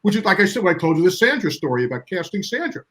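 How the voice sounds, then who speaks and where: A man with a fairly high, very lively voice reminiscing about a show he made long ago. He muses aloud, circling his points with "you know" and "I mean" before landing them. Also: racing, poor audio. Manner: reflective, hedging with fillers. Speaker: show creator and guest. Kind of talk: reflective casual chat.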